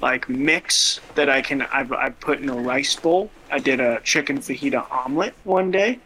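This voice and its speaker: A man's voice: medium pitch, normal speed, bright, forceful tone, a little hiss or hum, poor audio. A man from northern Montana co-hosting a podcast, chatting casually and playfully with lots of fillers. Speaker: podcast co-host. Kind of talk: casual chat.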